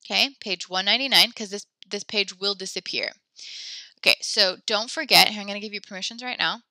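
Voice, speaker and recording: A young woman teaching French in an online class speaks in a bright, clear voice. She sounds friendly and encouraging, chatting through instructions with plenty of fillers. Her computer mic gives a close, dry sound. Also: medium pitch, fairly quick, no room sound. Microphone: computer mic in a video class.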